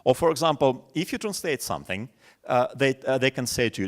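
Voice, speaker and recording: A man's voice: mid-range voice, a little fast. A man in his forties with a Russian accent, a native Russian speaker, gives a webinar lecture to teachers and tells stories full of examples. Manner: storytelling with many examples, animated quoting. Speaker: teacher trainer.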